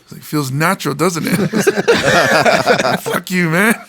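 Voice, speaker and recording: A man's voice: fairly high pitch, brisk, gravelly, sharp tone. A man, a comedian from Hawaii, telling stories in a laid-back way and laughing often on a podcast. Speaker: comedian guest. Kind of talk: casual podcast chat.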